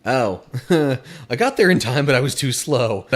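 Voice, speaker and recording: A man casually commenting on his own racing gameplay. He is chatty, laughs easily and gets excitable while driving. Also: medium pitch, measured pace. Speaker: gaming channel host. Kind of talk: casual let's play commentary.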